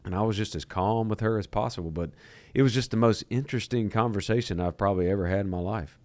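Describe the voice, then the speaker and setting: A man co-hosting a podcast, talking in a relaxed storytelling way, with fillers and repeated words. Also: fairly low pitch, quick pace, no echo. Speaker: podcast co-host, company leader. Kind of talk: casual podcast conversation.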